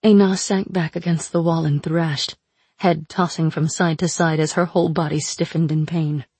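A woman reading a first-person fantasy audiobook in an even, measured way. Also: low-pitched, breathy edge, dry recording. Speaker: narrator.

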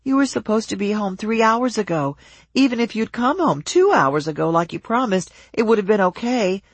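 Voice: medium pitch, expressive, moderate pace, slightly rough, no echo. A narrator voicing an upset young wife whose voice rises in hurt, pleading outbursts. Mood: tearful anger. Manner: rising, pleading, tearful outbursts.

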